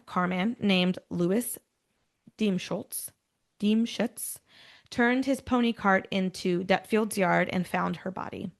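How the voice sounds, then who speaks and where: A woman's voice: medium pitch, vocal fry. A woman hosting a true-crime podcast, moving between read-out storytelling and chatty, offhand asides. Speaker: podcast host. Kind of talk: casual true-crime chat mixed with read narration.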